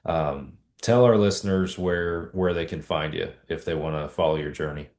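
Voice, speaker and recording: A man's voice: deep voice, normal speed. A man hosting a podcast, easygoing and stumbling over his words as he wraps up. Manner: relaxed, repeats words, many restarts. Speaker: podcast host. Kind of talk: casual interview chat. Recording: echoey room.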